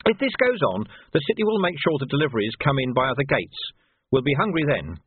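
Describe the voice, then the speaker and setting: A weary, hard-headed sergeant in charge of a barricade, as a man plays him in a storybook reading. He gives orders in a firm, dry way, with a lively lift in pitch. The recording is thin, phone-like and dry. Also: brisk, slightly rough, no echo.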